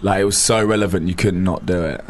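A man's voice: sits low, fairly even intonation, fast talker. A man taking part in a casual podcast quiz, teasing the host and laughing often. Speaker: co-host and contestant.

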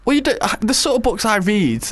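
A man's voice: high voice, very animated, fast, fairly bright tone. A man in his twenties chatting casually and joking around in self-deprecating banter. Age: 20s. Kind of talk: casual chat.

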